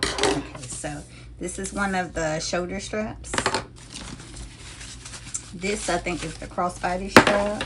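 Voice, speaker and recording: A woman handbag vlogger chatting casually and with animated energy to her viewers while unboxing a bag. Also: fairly low pitch, slow pace, pauses often, very noisy.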